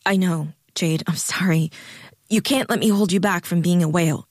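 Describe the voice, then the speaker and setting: A woman reading the part of a soft-spoken, apologetic woman who speaks hesitantly and pleads. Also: lowish voice, normal speed, no echo, clean studio sound. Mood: wistful.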